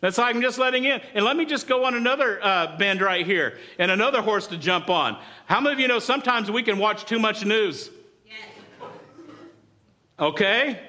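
In a church, a middle-aged male pastor delivers a sermon in a high voice at normal speed. His storytelling is lively, and he invites responses from the congregation.

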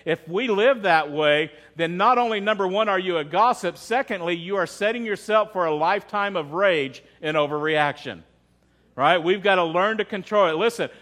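A high-pitched man with a fairly bright tone preaches a church sermon as pastor. His delivery is loose and conversational, often asking the congregation questions and repeating words as he works through a thought.

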